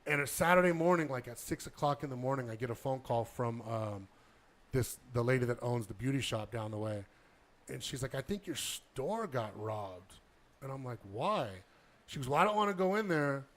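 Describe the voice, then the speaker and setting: A man's voice: mid-range voice, fairly quick. A man casually telling a long story on a podcast, acting out the dialogue and swearing a lot. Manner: animated storyteller, heavy swearing, acts out dialogue.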